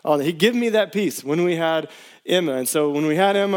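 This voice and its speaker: Animated male pastor, higher voice. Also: a little fast. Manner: storytelling, animated, casual slang. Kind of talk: sermon with personal stories.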